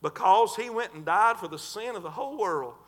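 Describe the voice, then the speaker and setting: A man preaches a sermon in a bright, high voice. He talks folksy and fervent, his pitch leaping around as he draws out scripture lines. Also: animated, brisk. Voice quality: folksy, colloquial.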